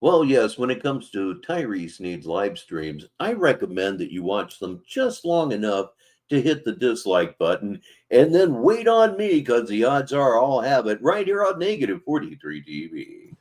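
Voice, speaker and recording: A male commentary host cuts in with dry, sarcastic remarks. His pitch swings widely as he talks, from mid-range highs to low mutters. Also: sing-song, moderate pace, a little mellow.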